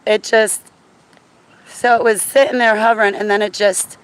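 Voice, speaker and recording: A woman telling a story to her viewers in an excitable, chatty way while walking outdoors on a city street, often checking in with "right?". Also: mid-range voice, moderate pace, clear, resonant tone. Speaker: vlogger. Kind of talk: casual storytelling to camera.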